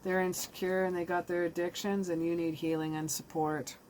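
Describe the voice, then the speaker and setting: A woman's voice: lowish voice, flat delivery, moderate pace, darkish tone, a little hiss or hum. A woman giving a casual, heartfelt tarot reading that speaks straight to the viewer. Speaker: tarot reader.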